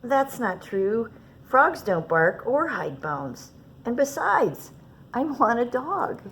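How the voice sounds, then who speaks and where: A woman's voice: a little high, very animated, slow, fairly bright tone, a little hiss or hum, voice pushed up, exaggerated voice. A woman reading aloud and voicing a young girl who firmly insists she wants a dog. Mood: insistent. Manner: firm, insistent, stubborn.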